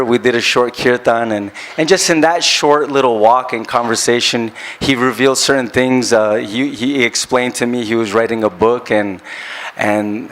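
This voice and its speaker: An earnest man recounts a personal memory in a reflective, halting manner, pausing to search for his words. He speaks at an ordinary middle pitch, sounding like a traveling kirtan singer sharing his own story. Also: fairly bright tone. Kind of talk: personal reminiscence.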